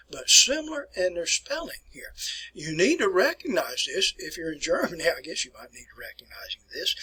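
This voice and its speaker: A man lecturing to his class in a relaxed, folksy manner, repeating key words and addressing everyone as folks. His voice sits a bit high for a man and has a slightly husky edge. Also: poor audio. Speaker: teacher.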